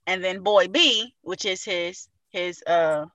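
A podcast co-host tells a funny story about a video in a casual chat, full of profanity and laughter. Her voice is on the low side and a bit bright, she takes her time, and there is no echo.

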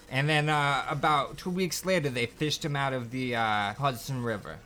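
Gruff deadpan man with a higher voice. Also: moderate pace, hardly any pauses. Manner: gruff, grumbling and crude. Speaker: emergency call dispatcher in a comedy interview. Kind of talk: deadpan comic interview.

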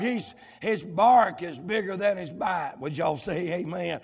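A man preaching a shouted revival sermon, chanting his phrases with a gasped "uh" between them. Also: sits high, unhurried, vocal fry, hardly any pauses, husky, big-room sound. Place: church sanctuary.

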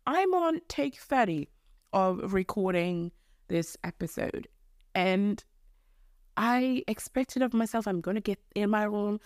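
Her voice on the high side, a young woman from Mozambique rambles through a casual, self-deprecating rant on her solo bedroom podcast, with casual swearing. The sound is studio quality with no room sound.

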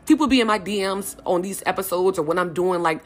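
Brief: young woman, podcast host, slightly low voice, casual emphatic monologue full of slang. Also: quick pace. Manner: emphatic, slangy, repeats "you know what I'm saying".

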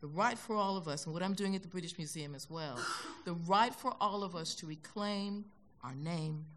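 An older American woman telling stories as a guest in an onstage conversation, animated and acting out the voices she quotes. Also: lowish voice, moderate pace, slight background noise. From United States. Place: concert hall stage.

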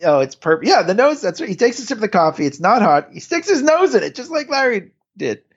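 Male podcast co-host, gravelly, lively pitch, casual recap with frequent laughs, dull lo-fi sound. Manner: laughs often, retells scenes in quick put-on quotes. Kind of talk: casual episode recap chat.

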